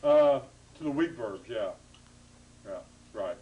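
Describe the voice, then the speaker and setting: A man's voice: medium pitch, animated, slow pace, phone-quality sound. Patient male lecturer in a classroom. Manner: hesitant, many fillers and restarts, patient explaining. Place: classroom with students.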